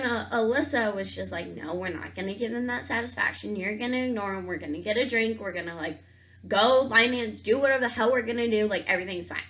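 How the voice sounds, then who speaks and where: A young woman telling a dating story on her vlog, saying "like" constantly and acting out both sides of the conversation. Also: a little high. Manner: animated, says "like" constantly, acts out both sides of the talk. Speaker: vlogger.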